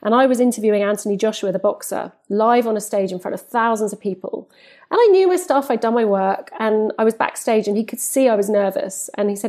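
A woman in her forties, a football presenter, telling stories in an animated way in a podcast interview and acting out the dialogue she quotes. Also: on the high side, fast. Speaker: football presenter and reporter, guest.

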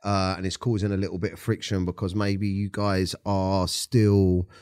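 Brief: male co-host, lowish voice, reflective and supportive, dry studio. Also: little pitch movement, normal speed, darkish tone, no echo. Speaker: podcast co-host. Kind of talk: casual podcast advice. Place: podcast studio.

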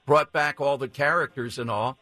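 A man's voice: medium pitch, normal speed, bright, forceful tone, dry recording. A man hosting a casual chat about television, reacting with enthusiasm.

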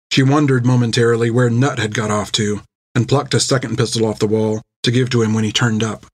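A man reading an adventure novel aloud in measured, scripted narration on a close mic. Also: medium pitch, dry recording. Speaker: audiobook narrator.

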